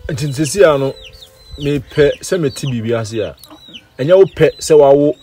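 A man's voice: on the high side, expressive, normal speed, mellow, faint music behind. A man with a Ghanaian accent, interviewing for a charity video, putting his questions firmly and reacting strongly.

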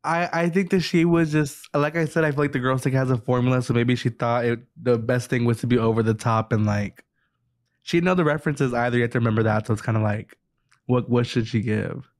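A man's voice: medium pitch, steady tone, a little fast. A man who is a guest on a podcast, talking casually in an ordinary mid-range voice. He answers in a sassy, blunt way. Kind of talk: casual chat.

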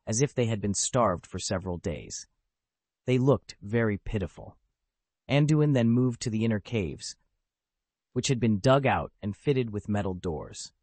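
A man's voice: lowish voice, darkish tone, no room sound. A man narrating a web novel as an audiobook, telling the story steadily.

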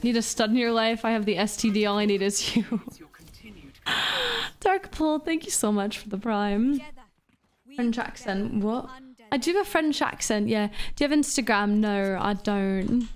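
Woman streamer w/ a slightly high voice, reading chat mid-match, kinda sick and low energy, swears a bit. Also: normal speed. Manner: casual, swears, talks to chat between plays. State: feeling unwell, low energy. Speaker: VTuber streamer. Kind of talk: live game stream, reading chat aloud.

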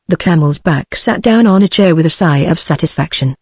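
Synthetic female voice, British English accent, even audiobook narration, dry close sound. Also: low voice, a little fast, hardly any pauses, husky, dry recording. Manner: even, machine-read narration without acted character voices.

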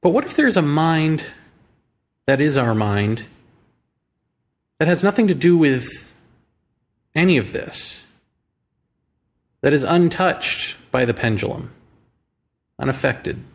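A man's voice: fairly high pitch, big pitch swings. An American man hosting a podcast, thinking aloud in a reflective monologue and asking rhetorical questions. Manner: musing, rhetorical questions, slow deliberate phrasing. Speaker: podcast host. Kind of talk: reflective monologue on politics and spirituality.

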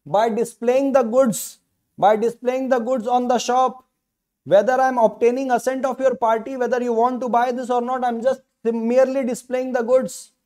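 A man's voice: very high voice, flat delivery, moderate pace, darkish tone. A man with an Indian English accent teaching a law lecture online, repeating key phrases with emphatic, rhetorical questions. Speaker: law tutor.

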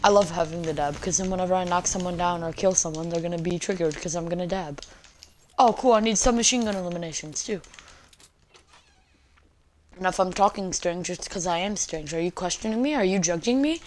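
A woman's voice: on the low side, fairly quick, darkish tone, slight background noise. A woman hosting a gaming channel, giving goofy, joking gameplay commentary and playfully teasing her viewers. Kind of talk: let's-play gameplay commentary.

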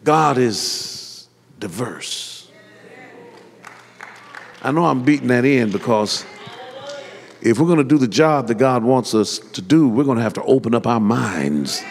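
A man's voice: medium pitch, expressive, a little slow, creaky, pauses often, slight background noise. A man preaching a sermon as pastor, building up to hollering peaks and calling on the congregation to answer. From Detroit. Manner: preaching in rising, hollering build-ups with call-and-response. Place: church sanctuary. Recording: reverberant church hall.

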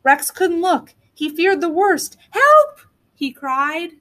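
Animated high-voiced woman reading aloud. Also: takes it slowly. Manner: animated, expressive. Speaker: kindergarten teacher. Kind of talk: storybook read-aloud.

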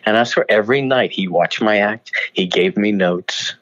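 An older man, a guest actor in an interview, telling animated anecdotes, laughing often and slipping into voices for the people in his stories. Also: fairly low pitch, normal speed. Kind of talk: storytelling interview. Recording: dull lo-fi audio.

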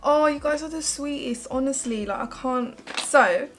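Young woman doing a makeup vlog, kinda high voice, super gushy and emotional. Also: a little slow. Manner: gushing, emotional, chatty. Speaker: beauty vlogger. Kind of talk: casual makeup tutorial chat.

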